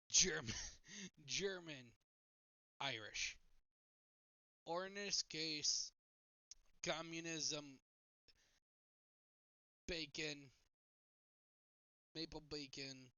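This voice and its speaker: A man's voice: a little high, lively intonation, slow, pauses often, bright, forceful tone, smooth, no room sound. A man chatting casually on a live stream, rambling and joking at his own expense, a little nervous. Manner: rambling, self-mocking, jokey. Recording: dull lo-fi stream mic.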